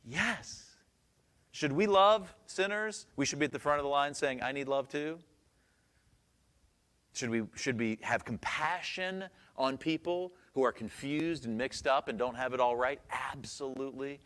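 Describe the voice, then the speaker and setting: A man's voice: medium pitch, moderate pace, a bit bright. A man pastor preaching a sermon in a church, conversational and joking, asking the congregation questions.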